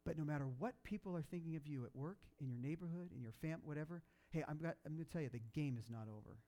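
A man preaching a sermon, telling a story in a conversational way with many fillers and restarts, getting loud when excited and soft and low at sad moments. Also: quick pace. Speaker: pastor.

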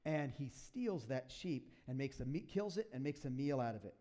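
A man preaching a sermon to a congregation in a church, retelling a story with lively asides and acting out the characters. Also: mid-range voice, a little fast, few pauses. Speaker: pastor.

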